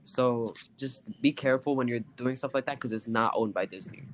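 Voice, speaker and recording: A man's voice: mid-range voice, brisk, slight background noise. A young man, a podcast guest, chatting casually and rambling, often laughing. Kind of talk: casual chat.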